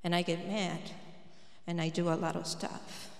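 A woman's voice: lowish voice, flat delivery, normal speed, creaky. A woman preaching at a prayer gathering. She tells a personal story in an earnest way and acts out what others said. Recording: echoey hall reverb.

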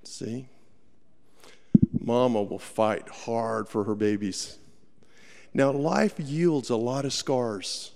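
A man's voice: medium pitch, gravelly, darkish tone. A man telling a story in a sermon, folksy and dramatic, acting out the voices of the people in it. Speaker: preacher. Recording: long hall reverb.

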